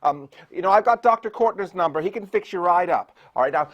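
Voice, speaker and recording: A man hosting a late-night movie show in comic character, fussing and swinging from mumbling asides to loud exclamations. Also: sits high, normal speed, long pauses, lo-fi sound. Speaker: horror host.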